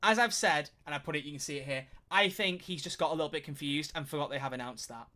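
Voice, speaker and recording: A man chatting casually on his live stream, reacting to chat in animated rants and swearing freely. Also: fairly high pitch, fast.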